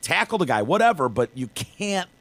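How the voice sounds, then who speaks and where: A man's voice: fairly high pitch, sing-song, moderate pace, a bit bright. A man hosting a casual podcast, talking sports in a rambling, chatty way. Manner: rambling, chatty, many fillers and restarts. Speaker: podcast host.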